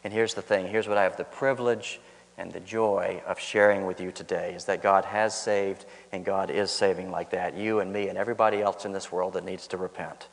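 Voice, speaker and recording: A man with a low voice delivers a sermon, repeating key phrases for emphasis and building to the punchlines of his stories. His voice rings out into the long reverb of a large church hall. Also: fairly even intonation, a little fast, creaky. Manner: storytelling, emphatic repetition, rises on punchlines. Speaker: pastor. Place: church sanctuary.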